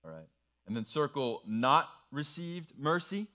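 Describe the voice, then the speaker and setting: A man's voice: fairly high pitch, very animated, a little slow, bright, forceful tone. A man preaching an earnest youth sermon, guiding listeners through a worksheet with encouraging, step-by-step instructions.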